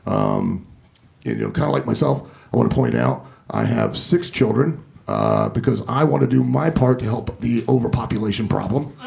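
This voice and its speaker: A man in his fifties telling profane, animated stories during a stand-up set on a comedy club stage. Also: mid-range voice, moderate pace, gravelly. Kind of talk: stand-up storytelling.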